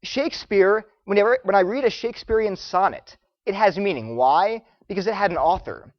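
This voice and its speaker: A man lecturing students, telling stories in an animated way and acting out the voices of the people he quotes. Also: sits high, normal speed, no room sound, lo-fi sound. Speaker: Christian apologetics speaker.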